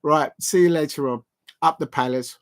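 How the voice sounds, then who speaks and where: A man's voice: on the high side, normal speed, a little hiss or hum. A man hosting a live stream in a casual, playful way, repeating catchphrases and chuckling to himself.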